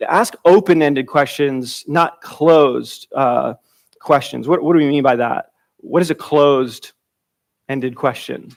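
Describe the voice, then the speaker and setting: A man's voice: takes it slowly, gravelly. A man teaching a church Bible class in a conversational way, often repeating and restarting phrases and acting out quoted dialogue. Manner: acts out quoted dialogue with sudden pitch jumps.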